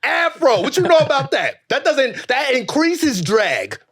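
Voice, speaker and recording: A man hosting a podcast, talking in a casual comedic chat with animated, profane, joking rants. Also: very high-pitched, measured pace. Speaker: podcast host.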